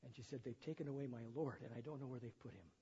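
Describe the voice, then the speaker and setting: Speaking fast in a mellow, breathy, medium-pitched voice, a male pastor gives a sermon in a church sanctuary. He reads the gospel aloud and retells it simply, adding chatty asides, and the sound is dull in a hall with long echo.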